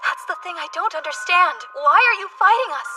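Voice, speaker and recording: An actress playing a young princess who pleads earnestly and with worry for peace in an anime dub. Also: female voice, very high-pitched, expressive, a little fast, far from the mic, over music. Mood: pleading.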